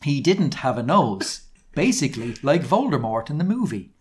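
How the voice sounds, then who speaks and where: A man's voice: on the high side, moderate pace. A British man co-hosting a comedy podcast, reading a fan fiction aloud with dramatic flair. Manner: lively dramatic reading with silly put-on quotes. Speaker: podcast co-host.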